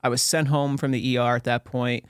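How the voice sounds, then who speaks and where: A young man from Pennsylvania tells his story as a podcast guest, lively and slangy, hitting the table as he talks with his hands. His voice sits at an ordinary middle pitch and is recorded dry and close, with no room echo. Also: brisk, clear, resonant tone. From Pennsylvania, USA. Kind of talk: casual storytelling.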